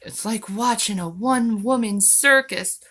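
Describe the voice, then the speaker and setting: Woman vlogger answering comments, sarcastic and mocking, with an unhurried, pointed delivery. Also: a little high, fairly bright tone, breathy edge. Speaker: channel host. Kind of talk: vlog reacting to viewer comments.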